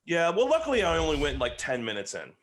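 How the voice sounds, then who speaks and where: Man, 40s, podcast guest; playful, lively, upper-pitched banter. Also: fast. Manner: animated, joking, voices other people. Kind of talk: casual chat.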